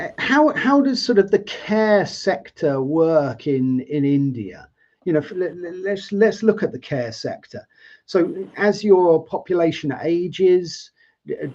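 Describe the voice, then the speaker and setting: A man's voice: on the high side, a little mellow. A man hosting a live interview show, asking long, rambling questions in a chatty way over a video call. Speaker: host. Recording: dull lo-fi sound.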